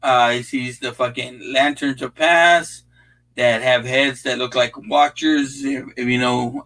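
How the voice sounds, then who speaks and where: Young guy hosting a movie watch-along, mid-pitched, profane, rambling, casual. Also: steady tone, measured pace, a bit bright, low-quality recording. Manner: profane, rambling, laid-back with frequent fillers.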